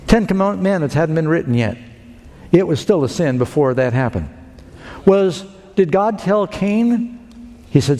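A man preaching with earnest, emphatic swells, pausing between phrases for weight. His voice is mellow and dark. It rings with a long hall reverb. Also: fairly high pitch, lively intonation. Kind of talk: sermon.

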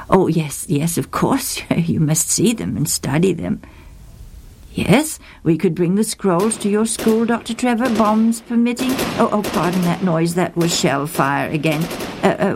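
A woman's voice: mid-range voice, a little mellow. A woman voicing a hesitant, polite monk-priest. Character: friendly male monastery priest on the phone. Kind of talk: storybook reading.

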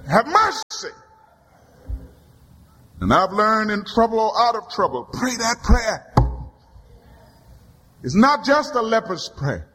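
A male pastor with a strikingly high voice delivers a sermon slowly and deliberately, stacking repeated refrains that rise into shouted climaxes. His words ring out with a long reverb, as in a large church sanctuary. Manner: rhythmic preaching with repeated refrains, rising to shouts.

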